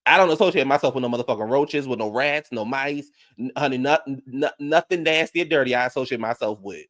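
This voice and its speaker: A man hosting a casual YouTube show, recapping a reality TV episode and talking to his viewers in chat, jumping into animated high voices when he quotes people. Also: fast. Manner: talks back to viewers in chat. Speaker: YouTube reaction show host.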